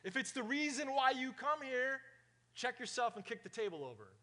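Male pastor, high voice, energetic preacher who asks the room questions. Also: moderate pace. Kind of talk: sermon.

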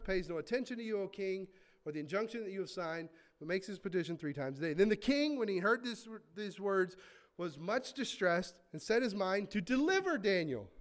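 Animated high-voiced male preacher. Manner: animated, swings from loud emphasis to quiet, hushed asides; reads scripture aloud, interjects casual asides. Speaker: pastor. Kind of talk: sermon.

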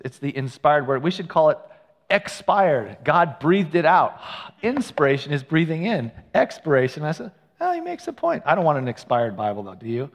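Male pastor, mid-pitched, chatty storytelling sermon, long church reverb. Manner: conversational, storytelling with asides and self-corrections. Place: church sanctuary.

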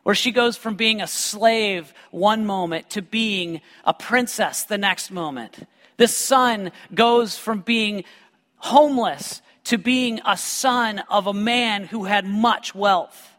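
A man preaches in a large hall, his voice high and bright, ringing with a long reverb. He weaves scripture with lively personal stories and tosses joking asides to the congregation. The delivery is animated and full of humor. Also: slow pace. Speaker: pastor. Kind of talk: sermon with personal storytelling.

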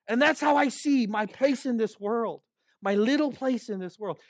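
A man's voice: very high voice, normal speed, dry recording. A male pastor giving an earnest expository sermon, often checking in with his listeners and building to impassioned rhetorical questions.

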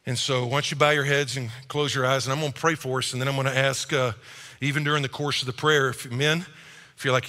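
A middle-aged male pastor preaching a sermon in a church, animated and acting out quick quoted voices. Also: medium pitch. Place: church auditorium. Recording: reverberant church hall.

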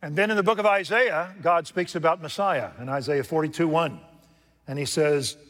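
A man preaching a sermon from the pulpit, jumping from loud emphatic lines to hushed asides and putting questions to his congregation. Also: a little high, moderate pace. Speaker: pastor. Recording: long reverb from a large hall.

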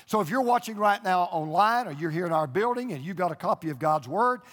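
An older man delivers a sermon in a fairly high voice, telling homespun stories and hammering his points home with emphatic repetition. His voice rings out through a large church auditorium, trailing a long reverb. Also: animated, brisk, a bit bright. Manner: folksy storytelling preacher, emphatic repetition. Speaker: pastor. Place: church auditorium with a live and online audience.

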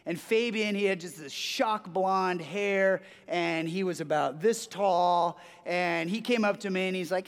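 Male pastor, high-pitched, sermon delivery, animated with frequent restarts, long hall reverb. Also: moderate pace. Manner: animated storytelling with frequent restarts and repeated words.

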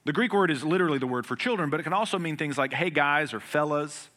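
Fields: Sex: man. Role: pastor. Style: sermon. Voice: forceful, somewhat high. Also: quick pace. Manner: swings between loud emphatic passages and hushed, quiet ones; conversational and earnest, with everyday humor.

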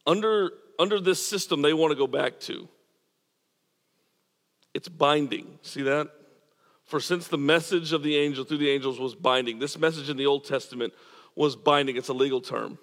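A man's voice: a little high, normal speed, fairly bright tone, big-room sound. A man preaching a sermon as pastor, earnest and emphatic, repeating words as he drives points home. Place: church.

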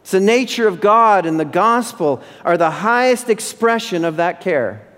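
A man's voice: high voice, lively intonation, moderate pace, a bit bright. A male pastor delivering an emphatic sermon in a church, repeating phrases for stress. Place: church sanctuary. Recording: long hall reverb.

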